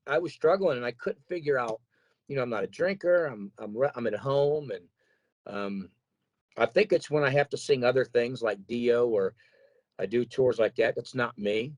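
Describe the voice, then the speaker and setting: A man who sings metal, chatting casually in an interview, rambling and animated as he tells stories about touring and keeping his voice in shape. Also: mid-range voice, dry recording, low-quality recording. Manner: rambling, animated storytelling with quoted asides. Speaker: metal singer guest.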